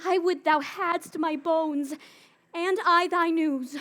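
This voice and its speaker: A woman's voice: very high-pitched, steady tone, slow, a bit bright, full character voice. A woman playing an impatient, lovestruck young girl in an outdoor Shakespeare performance, pleading and declamatory. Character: impatient young female lover, eager, lovestruck. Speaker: stage actor.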